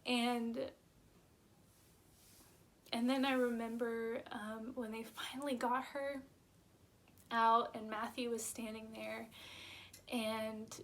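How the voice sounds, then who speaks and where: A young woman vlogger telling her personal birth story in a halting, emotional way, close to tears at times. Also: fairly high pitch, level tone, fairly bright tone, a little hiss or hum.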